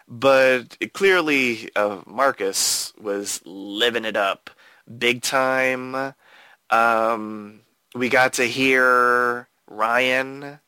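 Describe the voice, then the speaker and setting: A man co-hosting a podcast, talking in an easygoing, enthusiastic way with playful asides. His voice is bright and forceful, and he takes his time over his words. The sound is dry and close, with no room around it. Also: mid-range voice, dry recording. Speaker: podcast co-host. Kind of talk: casual chat.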